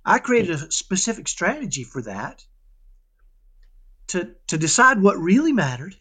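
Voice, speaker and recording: Guy w a high voice, super expressive, chatty parenting interview, keeps going "right?". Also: a little slow, slightly rough. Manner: animated, keeps asking "right?"; acts out dialogues with his son. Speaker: parenting guest. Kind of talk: casual conversational interview.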